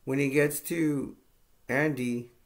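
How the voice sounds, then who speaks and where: A man's voice: mid-range voice, steady tone, takes it slowly. A man casually recapping and reviewing a movie, rambling with lots of fillers and getting enthusiastic.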